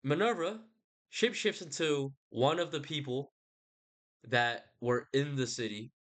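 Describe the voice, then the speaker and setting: A man's voice: mid-range voice, measured pace, fairly bright tone. Slangy, rambling man recapping a book. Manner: loose, slangy and profane, with jokey asides and mock voices. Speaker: book vlogger.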